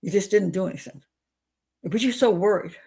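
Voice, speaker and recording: A woman's voice: mid-range voice, animated, fairly quick, creaky, dark tone, breathy edge. A woman giving commentary as a criminal profiler, sarcastic and incredulous as she talks.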